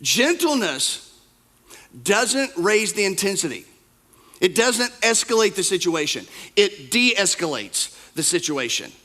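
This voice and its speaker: Male pastor, high bright voice, emphatic sermon delivery with lots of repetition. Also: big pitch swings, takes it slowly. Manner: emphatic, repeats key phrases; swings between soft asides and loud outbursts. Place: church.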